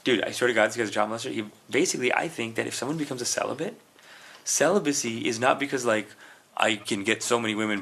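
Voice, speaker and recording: A Canadian man co-hosts a comedy podcast indoors, rambling through stories in casual chat and calling people "dude" and "man." His voice is medium-pitched and a bit bright, with vocal fry.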